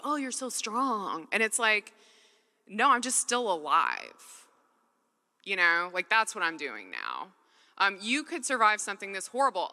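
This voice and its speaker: Woman preaching, super bright voice, lively ups and downs, echoey hall. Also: mid-range voice. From Mississippi, US. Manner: earnest, conversational, acts out dialogue. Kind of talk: sermon with personal storytelling.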